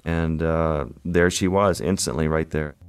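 A man, a photographer guest, telling his story in an interview in a halting, vivid way with pauses and fillers. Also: a bass voice, steady tone, music in the background.

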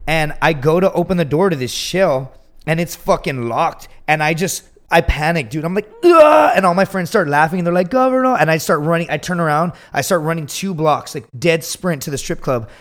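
A man telling a crude story in casual chat, animated and profane, acting out the quotes loudly. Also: on the high side, a little fast. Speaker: podcast guest telling a story.

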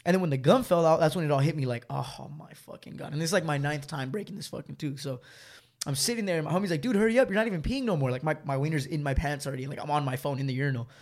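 Fast-talking young man telling a story. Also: a little high, darkish tone. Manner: swearing, filler-heavy, laughing storyteller. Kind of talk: casual storytelling among friends.

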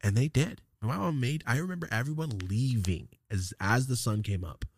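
A man's voice: medium pitch, moderate pace, slight background noise. Rambling, cursing man telling stories. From California. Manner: rambling, profane, animated. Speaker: podcast host. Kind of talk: casual storytelling.

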